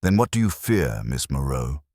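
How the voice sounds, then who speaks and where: A man voicing a calm male detective who asks short, measured questions. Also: extremely low pitch, no echo, studio quality, heavily acted. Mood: probing.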